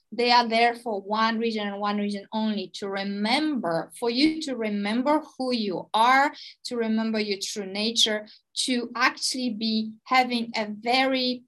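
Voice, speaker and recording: High-voiced woman teaching spirituality. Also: low-quality recording. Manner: emphatic, expressive, drawn-out stresses. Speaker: podcast host, spiritual teacher.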